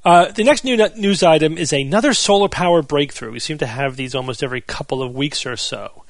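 A man hosting a casual podcast news segment, steadily walking through the news items with relaxed asides. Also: on the high side, fairly quick, no room sound. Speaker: podcast host.

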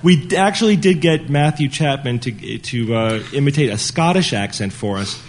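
A man's voice: medium pitch, lively intonation, normal speed. A man hosting a live podcast on stage, joking and laughing often with his co-hosts. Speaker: podcast host. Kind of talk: live podcast panel banter. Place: on stage before a live audience.

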